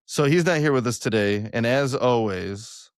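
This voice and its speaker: A young man hosting a podcast, joking loudly with a flat announcer-like delivery. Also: medium pitch, normal speed, clear, resonant tone, no room sound, clean studio sound. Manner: loud, joking, self-described monotone announcer delivery. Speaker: podcast host. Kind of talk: casual podcast chat.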